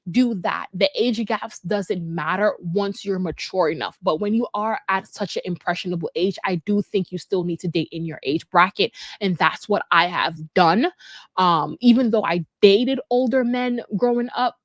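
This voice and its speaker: A woman's voice: mid-range voice, no room sound, studio quality. A woman hosting a casual commentary show, giving her opinions in a chatty way with lots of fillers. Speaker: host.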